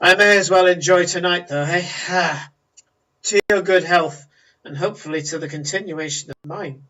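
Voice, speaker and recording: A man's voice: high-pitched, normal speed, sharp tone, recorded from a distance, pitched above the performer's own voice, low-quality recording. Man putting on a snappy young gnome woman. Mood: wry. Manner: indignant and snappy. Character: brash young female gnome merchant, defiant.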